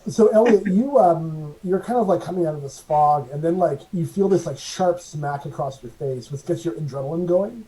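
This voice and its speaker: A man running a tabletop horror game as game master, narrating scenes with many pauses and fillers. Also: fairly high pitch, warm tone, low-quality recording. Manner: halting, filler-heavy narration.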